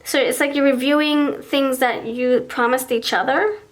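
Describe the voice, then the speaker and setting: In a pick-a-card tarot reading, a woman whose voice sits high speaks at a normal pace with fairly even intonation. She reasons aloud as each card comes out, keeps restarting her sentences, and plays out imagined exchanges between two partners.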